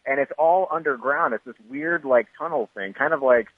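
A man phoning in a comic news segment from an airport, telling quick jokes with deadpan punchlines. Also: mid-range voice, no room sound. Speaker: radio correspondent. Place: airport, on a phone. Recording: tinny phone line.

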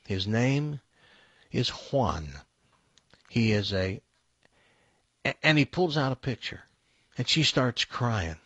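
Radio host, male, husky voice, dry close mic, slightly dull sound, unhurried storyteller. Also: no echo. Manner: storytelling, drops low and quiet for punchlines. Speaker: radio morning show host. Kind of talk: joke telling on talk radio.

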